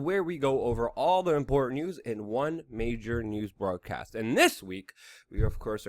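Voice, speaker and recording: A man's voice: medium pitch, no echo, clean studio sound. A young adult man hosting a news commentary vlog, talking in a sarcastic, emphatic and indignant way. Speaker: host.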